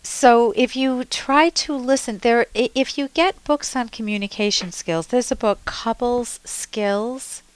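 A woman hosts a call-in advice program, speaking as a therapist with a smooth, resonant voice. She coaches her caller and acts out sample exchanges for him. Her voice sounds close and dry, with no room around it. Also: on the high side, a little slow, few pauses, dry recording, low-quality recording. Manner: coaching, role-plays dialogue with caller. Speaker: radio advice host and therapist.

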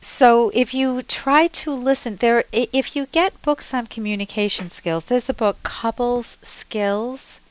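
Clear-voiced woman therapist coaching a caller. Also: fairly high pitch, measured pace, few pauses, dry recording, rough recording. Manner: earnest, coaching with spoken examples. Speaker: radio therapist host. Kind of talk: call-in advice coaching.

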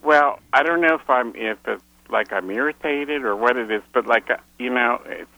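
A man's voice: medium pitch, normal speed, gravelly, bright, forceful tone, no room sound. A man calling in to an advice show, talking hesitantly over a phone line. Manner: hesitant, many fillers, laughs nervously. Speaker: caller. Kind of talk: phone-in conversation.

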